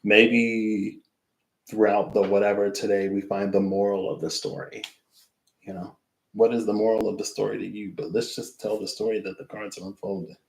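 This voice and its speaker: A low-voiced man wraps up a tarot reading in a loose, musing way, drifting between thoughts and trailing off into asides. His voice sits a little deep and rings around a roomy, echoey space. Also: little pitch movement, normal speed, gravelly. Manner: rambling and reflective, trailing off into asides. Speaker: tarot reader. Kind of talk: casual spoken tarot reading wrap-up.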